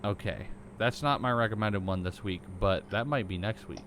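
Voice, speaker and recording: A man's voice: on the low side, normal speed, a bit bright, slight background noise. A young man co-hosting a casual podcast who makes crude jokes and hesitates with many fillers. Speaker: podcast co-host. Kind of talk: casual chat.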